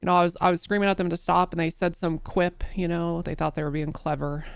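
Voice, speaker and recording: A woman's voice: lowish voice, fairly even intonation, fast talker, creaky, smooth, dry recording. A woman testifying in character as an undersheriff during a role-play court case, telling her account in a loose, rambling way full of restarts and fillers.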